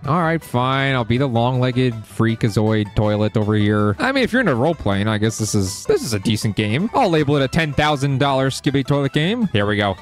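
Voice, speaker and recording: A young man commentating his gameplay in an excitable, jokey way, often jumping into high squeaky exclamations. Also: a little fast, few pauses. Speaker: gaming YouTuber. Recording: faint background music.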